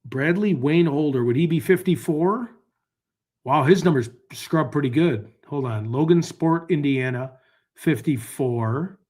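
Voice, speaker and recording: A man hosts a live stream and rambles to his viewers while he looks things up. His voice sits a little on the high side. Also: a little slow, a little mellow. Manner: rambling, talks to chat while searching online. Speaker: livestream host. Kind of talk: casual livestream chat.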